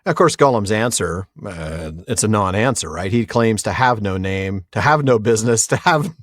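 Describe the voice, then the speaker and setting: A man's voice: lowish voice, lively intonation, normal speed, no room sound, clean studio sound. A man co-hosting a podcast, discussing a book with enthusiasm and easy laughter. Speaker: podcast co-host.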